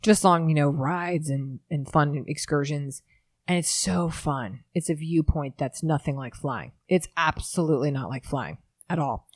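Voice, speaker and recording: Thirties woman, low register, dry close recording, animated self-deprecating storyteller. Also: no room sound. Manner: lively storyteller, quick and self-mocking. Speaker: guest, startup founder. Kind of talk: casual interview chat.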